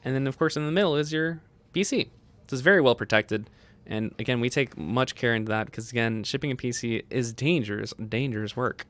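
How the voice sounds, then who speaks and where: A young man hosting a casual livestream, excitable and laughing often as he chats with viewers. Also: medium pitch, fairly quick. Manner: excitable, laughs often, quotes movie lines in funny voices. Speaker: livestream host.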